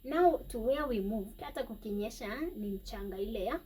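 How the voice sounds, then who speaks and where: A woman with a Kenyan accent telling a personal story in a vlog, emotional and halting, with sighs and pauses. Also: fairly high pitch, darkish tone. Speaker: vlogger. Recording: distant mic, faint background noise.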